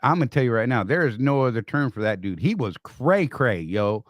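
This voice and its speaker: A man's voice: mid-range voice, animated, brisk, no room sound, studio quality. A man co-hosting a casual live-stream chat, rambling through stories with frequent restarts. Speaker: co-host.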